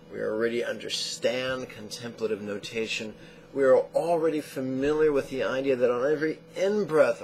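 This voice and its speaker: A man teaching a meditation lesson in a slow, measured way, often repeating short phrases. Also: mid-range voice, gravelly, a little mellow, a little hiss or hum, low-quality recording.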